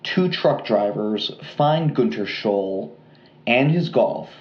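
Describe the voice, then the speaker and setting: A man co-hosting a podcast, telling a true-crime story in a casual, relaxed way with lots of fillers and asides. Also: on the low side, slow pace, roomy sound, dull audio. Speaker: podcast co-host.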